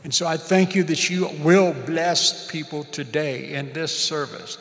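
Fervent preacher, gravelly voice, reverberant hall. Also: male voice, fairly high pitch, unhurried, a bit bright. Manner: fervent, repeats phrases, leads the congregation in call and response. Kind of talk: prayer and sermon. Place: church service.

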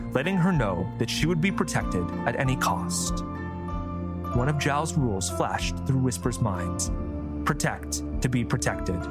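A man narrating a fantasy story in steady scripted storytelling. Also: medium pitch. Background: music.

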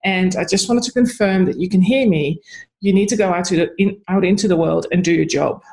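A woman voicing a male snake spirit who calmly insists she go do her job. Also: lowish voice, a little fast, creaky, low-quality recording. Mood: insistent.

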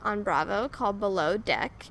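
A woman's voice: medium pitch, expressive, moderate pace, gravelly, a bit bright, a little hiss or hum. Chatty young woman telling a story. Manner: chatty, rambling storyteller with many ums. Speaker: podcast co-host. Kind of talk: casual true-crime chat.

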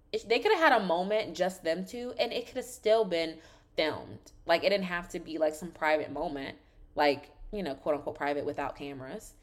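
A woman hosting a podcast, recapping a reality show in casual chat, sassy and animated, swearing freely and saying "like" constantly. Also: lowish voice.

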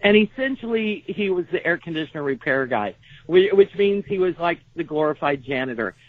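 A woman's voice: lowish voice, animated, fairly quick, dry recording. A woman with a Texas accent, a guest author telling her family's story in a chatty, self-deprecating way. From Texas, USA. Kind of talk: conversational interview. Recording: tinny phone line.

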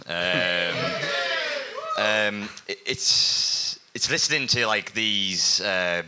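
A man's voice: on the low side, very slow, bright, forceful tone, clear, resonant tone, poor audio. A man in the audience of a live podcast, asking the hosts a rambling, hesitant question full of fillers. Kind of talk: casual question at a live show.

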